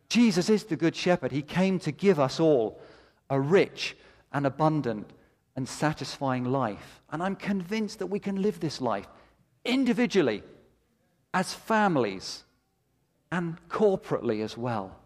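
A man's voice: fairly high pitch, expressive, a little slow, a little mellow. A middle-aged male pastor preaching a sermon with impassioned, emphatic delivery and repeated phrases that build to peaks. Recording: long hall reverb.

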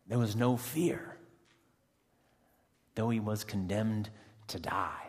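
A man playing a fierce, emotional rebel prisoner who has just been freed. He delivers a first-person dramatic monologue, swinging between hushed tones and loud outbursts with dramatic pauses. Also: lowish voice. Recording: long reverb of a large hall.

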